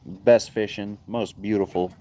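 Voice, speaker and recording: Laid-back low-voiced man chatting outdoors. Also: steady tone, measured pace, warm tone. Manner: easygoing, rambling, chuckles often. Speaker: livestream host. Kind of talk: casual livestream chat. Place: outdoor backyard by a bonfire. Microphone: phone.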